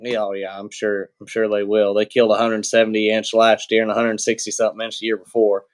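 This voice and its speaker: On the low side and quick, this man's voice sounds clear and resonant as he tells a story as a podcast guest. It's loose, plain talk: lots of fillers, several restarts, and some easygoing swearing.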